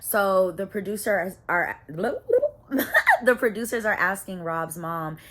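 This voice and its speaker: A woman's voice: mid-range voice, measured pace, fairly bright tone. A woman hosting her channel, recapping a reality show in loose, slangy casual chat with lots of asides to viewers. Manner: chatty, loose slangy storytelling with frequent asides.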